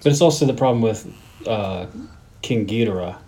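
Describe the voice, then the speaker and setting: A man co-hosting a podcast, chatting in a laid-back way and trailing off quietly. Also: lowish voice, normal speed, a little hiss or hum. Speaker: podcast co-host. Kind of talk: casual banter.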